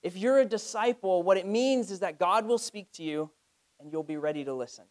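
A young adult man from the United States preaching a sermon, telling stories and rising to loud emphatic cries. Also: high voice, brisk. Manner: storytelling preacher, rises to loud cries in anecdotes. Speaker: pastor.

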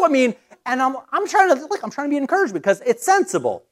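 A middle-aged man preaching a sermon in a lively, conversational way, telling a personal story with quick restarts. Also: extremely high pitch. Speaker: pastor.

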